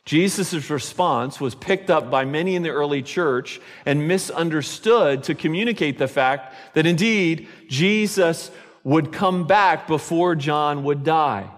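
A man preaching a sermon at a slow, deliberate pace, his earnest and reflective delivery leaning on repetition for emphasis. His voice sits a little high for a man. It rings out with a long reverb, as in a church sanctuary. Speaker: pastor. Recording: reverberant hall.

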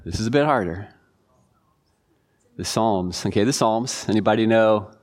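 A man teaching a church Bible class in a relaxed, informal way, reading verses and quizzing listeners. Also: fairly low pitch, normal speed, pauses often. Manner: informal, chatty, quizzing the audience. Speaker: pastor.

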